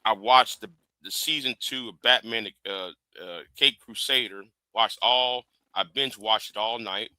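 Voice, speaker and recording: A man hosting a casual livestream chat, halting and repeating his words as he talks. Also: lowish voice, pushed and bright, clean tone, no room sound. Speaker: livestream host.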